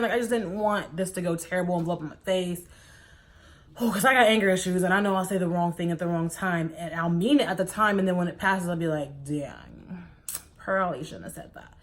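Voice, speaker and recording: A young woman in her twenties telling a personal story to her viewers in a casual, animated way, often acting out what people said. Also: on the low side. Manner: animated, quotes people in her own voice, says "like" a lot. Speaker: vlogger.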